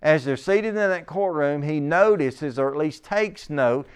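A man preaching a sermon, reading scripture aloud and slowing down to stress its key phrases. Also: fairly high pitch, lively intonation, clean tone. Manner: reads scripture aloud, then explains it.

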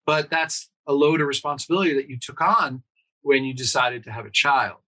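Bright-voiced male doctor, earnest. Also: mid-range voice, a little fast, poor audio. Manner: earnest, explains with acted-out quotes and rhetorical questions. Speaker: pediatrician guest. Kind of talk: conversational interview explanation.

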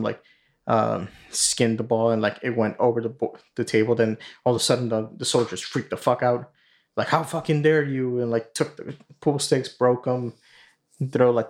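A man hosting a podcast, casually retelling a story in a rambling way full of fillers and swearing. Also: mid-range voice. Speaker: podcast host.

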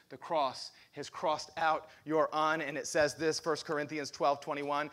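A man preaching a lively sermon as pastor, asking the congregation questions. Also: a little high, normal speed, few pauses.

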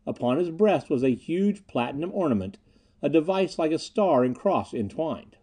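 A man reads an old adventure story aloud, expressive and measured. His voice is very dark and mellow, with a lively, rolling melody. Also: on the high side, husky. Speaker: audiobook narrator. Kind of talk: scripted audiobook narration.

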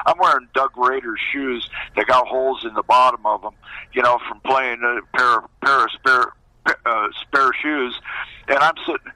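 An older man recounts his old pitching days in an interview, throwing himself into every line of quoted dialogue. His voice is strikingly bright and sharp, and he tells it with animated, plain-spoken energy. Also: dry recording, rough recording. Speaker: former baseball pitcher. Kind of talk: storytelling interview.

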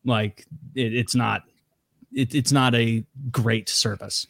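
A man's voice: mid-range voice, fairly even intonation, slow, gravelly, fairly bright tone, no room sound, clean studio sound. A man co-hosting a casual podcast chat, opinionated and blunt, swearing and laughing often. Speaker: podcast co-host.

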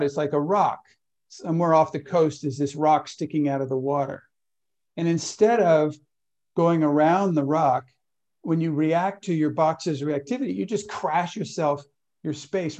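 A man's voice: a little high, a little mellow. A man leading a workshop, talking loosely through stories and acting out little inner voices. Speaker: workshop leader. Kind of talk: teaching talk.

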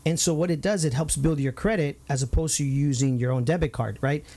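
Upbeat, slightly high-voiced male host. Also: brisk. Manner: lively storyteller, upbeat. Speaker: show host. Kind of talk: casual interview chat.

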